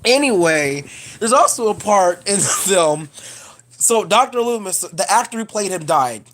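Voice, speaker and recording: A woman vlogger talks straight to camera in a casual film review rant. She is animated and profane, and her thoughts wander off on tangents as she goes. Her voice sits in an ordinary middle pitch. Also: unhurried, slight background noise.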